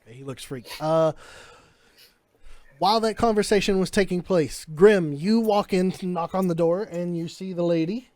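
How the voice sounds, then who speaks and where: A man's voice: high-pitched, normal speed, a little mellow, no echo. A man narrating as game master in a casual, descriptive way.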